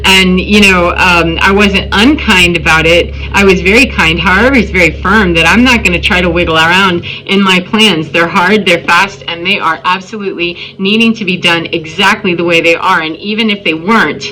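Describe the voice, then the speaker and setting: A woman's voice: fairly low pitch, a little fast, hardly any pauses, bright, forceful tone, rough recording. A woman telling a personal story in a casual, emphatic spiritual monologue, acting out what people said. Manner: emphatic, storytelling with acted-out quotes. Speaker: spiritual vlogger.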